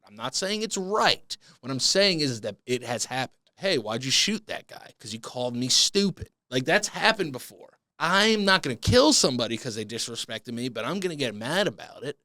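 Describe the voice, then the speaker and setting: A man's voice: mid-range voice, bright, forceful tone, no echo. A man hosting a comedic solo podcast, ranting in a profane, mock-outraged way. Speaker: podcast host.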